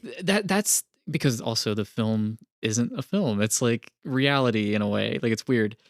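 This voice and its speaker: A man's voice: medium pitch, expressive, moderate pace, no room sound, studio quality. A man co-hosting a casual film-discussion podcast who rambles through his points and laughs often. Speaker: podcast co-host.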